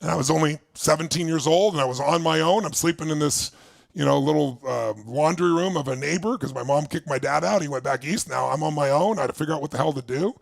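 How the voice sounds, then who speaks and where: Gravelly man firing up a crowd. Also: a little high, fast, dry recording. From Southern California. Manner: intense, storytelling, hypes the crowd. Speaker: motivational speaker. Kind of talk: motivational talk to a live crowd.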